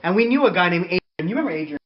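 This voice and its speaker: A young man with a high, light voice tells a profane, animated story on a podcast. The sound is slightly muffled, and a faint hiss sits under it. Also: very fast. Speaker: podcast host. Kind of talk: casual chat.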